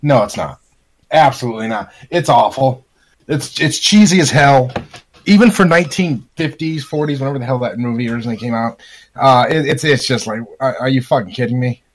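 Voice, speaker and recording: A man hosting a casual podcast chat, blunt and profane, ranting with animated swings in his voice. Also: mid-range voice, a little fast. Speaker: podcast host.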